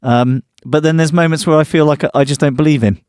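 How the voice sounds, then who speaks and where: A man's voice: on the high side, fairly even intonation, quick pace, a little mellow, clean tone, dry recording, clean studio sound. A man co-hosting a podcast, chatting casually about an album with friends and laughing easily. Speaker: podcast co-host. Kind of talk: casual music discussion.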